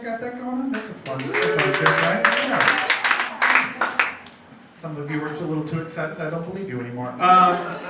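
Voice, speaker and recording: Self-deprecating comedian in an echoey bar. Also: male voice, fairly high pitch, far from the mic. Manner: self-deprecating, rambling with restarts. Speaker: stand-up comedian. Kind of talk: stand-up comedy set. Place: comedy night in a donut bar. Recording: very echoey room, mic heard from afar, faint noise.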